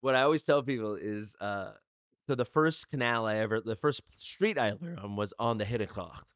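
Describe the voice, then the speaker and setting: A man's voice: lowish voice, lively intonation, brisk, a bit bright, dry recording. A man hosting a live stream, chatting and telling rambling stories full of restarts. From United States. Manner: rambling storyteller, restarts often. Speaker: streamer host. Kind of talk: casual chat. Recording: dry, dull lo-fi.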